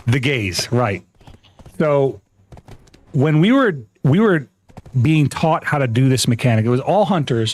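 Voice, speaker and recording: A man streaming a game live, telling a story to his chat in a casual, animated way, often breaking into laughter and swearing freely. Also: mid-range voice. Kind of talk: casual gaming livestream storytelling.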